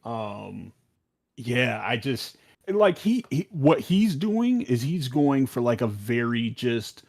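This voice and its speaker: A man's voice: mid-range voice, very animated, slow pace, a little mellow. A young man co-hosting a podcast, talking casually with many likes and ums. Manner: rambling, lots of like and um. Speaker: podcast co-host.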